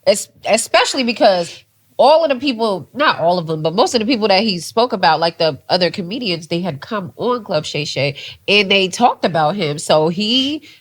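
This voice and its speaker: A woman with a mid-range voice co-hosts a podcast at a moderate pace, chatting casually and telling animated stories. She swears some and says "like" and "child" a lot.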